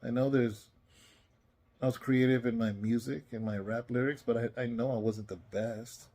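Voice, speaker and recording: His voice is mellow and medium-pitched, with fairly even intonation and a moderate pace. Speaking as a pastor, this tired, yawning man offers an earnest, rambling, conversational devotional message in a casual spoken style, self-recorded.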